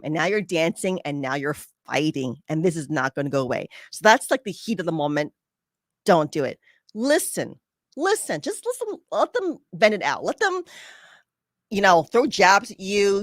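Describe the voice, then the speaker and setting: Low-voiced woman telling a story. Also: no echo, studio quality. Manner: animated, acts out quoted friends. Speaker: podcast host. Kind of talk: casual storytelling advice.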